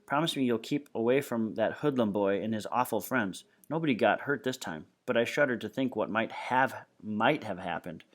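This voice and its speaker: A doting, anxious elderly grandmother, put on by a man reading a storybook aloud. She frets and pleads softly, with a voice that sits a little higher than his own low reading voice. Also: lively intonation, normal speed, few pauses, close to an everyday voice. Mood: worried. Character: fussy, worried elderly grandmother. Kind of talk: audiobook reading.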